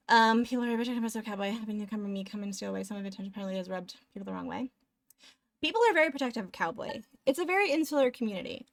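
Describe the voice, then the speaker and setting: Close to her desk microphone, a young woman streams and chats offhandedly with her viewers, rambling and eating between sentences. She has a mid-range voice with a fairly bright tone.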